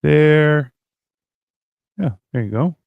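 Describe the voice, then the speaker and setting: A man's voice: a little high, extremely slow, gravelly, dry recording, narrow, tinny audio. Crude joking male stream host. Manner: joking, mocking, swears a lot. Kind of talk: casual crude banter.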